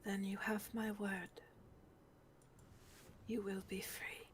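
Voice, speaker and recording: A woman voicing a gentle, tender heroine who comforts a frightened girl, in whispered role-play with a soft, unvoiced whisper. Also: medium pitch, little pitch movement, takes it slowly, slight background noise, close to an everyday voice. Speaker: player.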